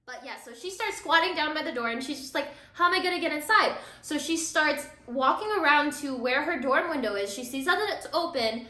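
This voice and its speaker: A woman's voice: sits high, lively intonation, brisk, few pauses, pushed and bright. A young woman vlogger casually recapping a drama while doing her makeup, chatty and full of fillers, acting out the characters' lines. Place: room at home, doing makeup. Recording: echoey room.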